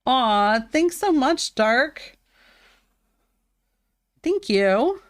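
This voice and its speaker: A woman live streamer in casual chat with her viewers, talking loosely with lots of "like" and breaking into bright, high greetings. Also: big pitch swings, extremely slow, dry recording, studio quality. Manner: chatty, fills with "like", bursts into high greetings.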